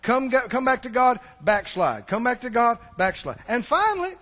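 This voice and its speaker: A man with a very high voice preaches a sermon in a hall with a long reverb. He tells stories and swings between loud passages and hushed asides. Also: very animated, moderate pace. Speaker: pastor.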